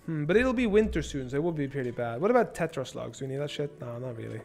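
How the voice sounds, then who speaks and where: A young man streaming a strategy game, swearing and thinking out loud as he plans and shops. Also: mid-range voice, big pitch swings, quick pace, creaky, faint music behind. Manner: profane, rambling, thinks out loud. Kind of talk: casual gameplay livestream commentary.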